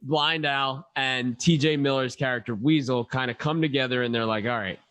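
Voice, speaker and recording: A man's voice: medium pitch, fairly even intonation, moderate pace, fairly bright tone. A man co-hosting a podcast, recapping a movie in casual chat, laughing often and acting out lines. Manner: laughs often, acts out quotes. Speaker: podcast co-host.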